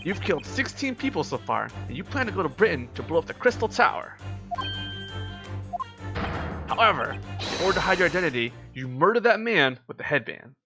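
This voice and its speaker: A streamer playing a grandiose, self-important male detective from a visual novel, holding forth with lively swings of pitch. He sounds theatrical and pompous. Game music plays behind him. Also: fast. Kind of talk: reading visual novel lines aloud.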